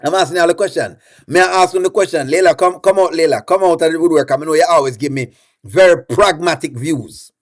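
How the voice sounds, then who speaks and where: A man's voice: on the high side, fast. A man hosting a live-stream reaction show, chatting and putting questions to his viewers while reading their comments aloud.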